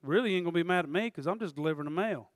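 A man preaching a sermon in church, swinging from shouted passion to quiet, conversational asides and laughter. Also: on the high side, very fast, no echo. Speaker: pastor. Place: church service.

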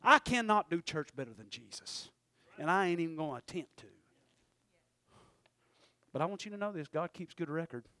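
A man preaching a sermon in church, talking in quick asides and rising to sudden shouted peaks. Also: on the high side, expressive. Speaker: pastor.

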